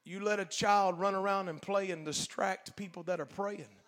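A man preaching a Pentecostal sermon as pastor, talking in a folksy, colloquial way and swinging from quiet asides to loud shouted preaching. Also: high voice, fairly even intonation, moderate pace. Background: faint congregation.

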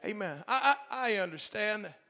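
A man preaching a Pentecostal sermon as pastor, talking in a folksy, colloquial way and swinging from quiet asides to loud shouted preaching. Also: sits high, expressive, moderate pace, gravelly, slight background noise. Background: faint congregation.

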